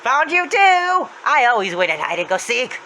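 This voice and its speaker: A man voicing a cheerful but menacing male apple mascot killer, in high, drawn-out sing-song threats. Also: big pitch swings, pushed and bright, slight background noise, full character voice, poor audio. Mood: gleeful taunting.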